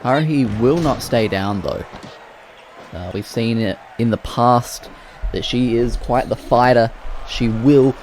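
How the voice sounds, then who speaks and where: A man giving play-by-play commentary on wrestling matches, excitable and breaking into loud exclamations. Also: medium pitch, slow, a little hiss or hum.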